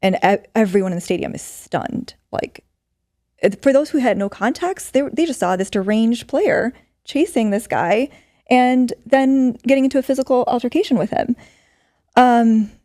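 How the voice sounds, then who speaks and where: A woman's voice: a little high, warm tone, dry recording, clean studio sound. A middle-aged woman, a podcast guest, telling a story earnestly in conversation with many fillers. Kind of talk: storytelling in an interview.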